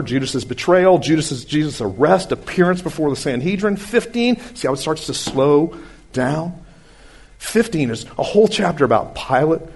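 A man giving a conversational sermon-style Bible lesson, folksy and animated, who swings between brisk asides and slow, quiet emphasis. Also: a little high, breathy edge. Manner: folksy, animated, uses homespun comparisons. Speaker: Bible teacher.

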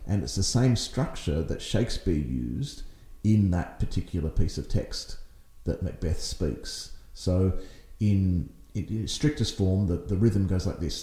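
A man hosting a podcast, explaining ideas in a reflective, unhurried way with some filler words. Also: low voice, expressive, dark tone, echoey room. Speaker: podcast host. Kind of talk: casual discussion.

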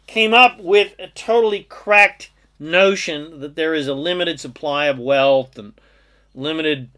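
A man's voice: fairly high pitch, fairly bright tone. A man giving a motivational self-help talk, emphatic and stringing long lists of clauses together. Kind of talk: motivational monologue.

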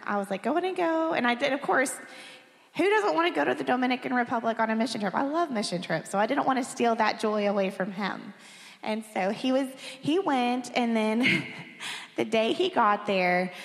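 A woman in her thirties, a pastor, telling a candid and emotional personal story during a sermon, with light laughs between phrases. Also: fairly high pitch. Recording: long hall reverb.

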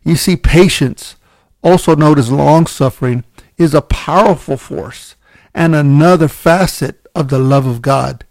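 A man's voice: a little high, a little slow, gravelly, a little mellow, no room sound. A man preaching a conversational sermon, candid and self-deprecating, often restarting his sentences and checking in with "right?".

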